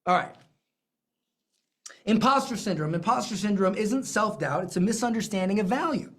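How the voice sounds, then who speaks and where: A business coach teaching a live lesson, emphatic and animated, with self-deprecating asides and repeated phrases. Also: medium pitch, fairly quick.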